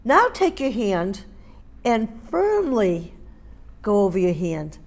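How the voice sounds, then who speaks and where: In a gravelly, sing-song voice of medium pitch, a middle-aged woman slowly teaches dog training through a hands-on demonstration. She's a grooming and training instructor who speaks emphatically, repeats key points, and checks in with her audience.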